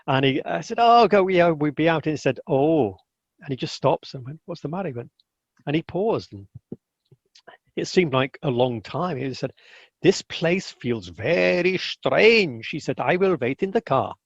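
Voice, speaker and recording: Speaking at a normal speed, this man's voice sits on the high side, with no echo. He's an interview guest telling casual stories, animatedly voicing those he quotes and frequently starting sentences over, captured on a dull, lo-fi, dry recording.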